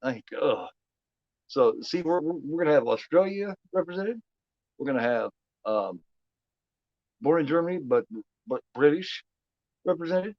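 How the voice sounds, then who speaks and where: A man's voice: on the high side, expressive, moderate pace, pauses often, dry recording, lo-fi sound. A man from Indiana with a Midwestern American accent, hosting a movie watch-along stream in loose casual chat, rambling and repeating his words. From United States.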